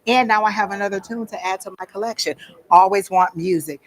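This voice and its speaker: In an event room at a psychic fair, a woman runs a workshop, talking fairly quickly in a mid-range voice. She's casual and blunt, dramatizing the voices of anyone she quotes.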